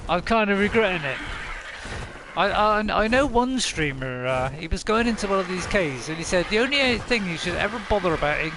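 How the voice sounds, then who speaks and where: Brief: excitable game streamer, high bouncy voice, noisy game audio behind. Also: male voice, vocal fry. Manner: excitable, laughs often, talks to himself. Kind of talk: casual gameplay commentary.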